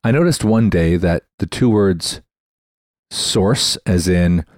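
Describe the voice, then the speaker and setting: Deep-voiced man hosting a podcast. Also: measured pace, warm tone, no room sound, clean studio sound. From Canada. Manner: chatty, spells words out letter by letter. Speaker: podcast host. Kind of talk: casual explanatory podcast talk.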